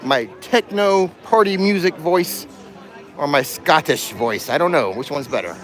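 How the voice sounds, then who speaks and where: A man's voice: fairly high pitch, lively intonation, measured pace, fairly bright tone. A man hosting a casual livestream while walking through an outdoor theme park, joking playfully with his viewers into a handheld phone. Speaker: livestream host. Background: faint music and crowd.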